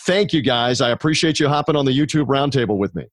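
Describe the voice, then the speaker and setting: A man's voice: mid-range voice, lively intonation, fast talker, no room sound, clean studio sound. Upbeat man hosting a sports podcast. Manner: upbeat promo-heavy plugging. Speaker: podcast host. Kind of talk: sports betting podcast talk.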